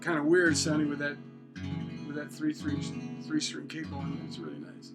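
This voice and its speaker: A man with a high voice talks through a songwriting lesson in a loose, thinking-aloud way. He breaks into hummed snippets while guitar plays clearly behind him. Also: flat delivery, moderate pace. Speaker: songwriting teacher.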